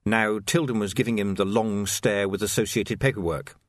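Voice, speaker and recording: A man's voice: on the low side, fairly even intonation, normal speed, no echo, studio quality. A man narrating an audiobook expressively, acting out the characters.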